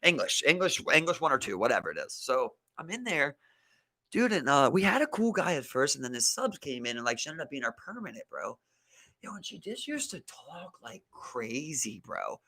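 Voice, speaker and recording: Animated, bright-voiced young man. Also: fairly high pitch, moderate pace, husky. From Maryland. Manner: profane storytelling, heavy use of "like" and "bro". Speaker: podcast co-host. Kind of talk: casual chat.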